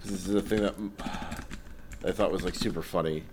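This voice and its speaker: A man's voice: sits low, fairly even intonation, brisk, background noise. A man co-hosting a podcast in casual chat, meandering and hesitant, with many restarts and fillers. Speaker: podcast co-host.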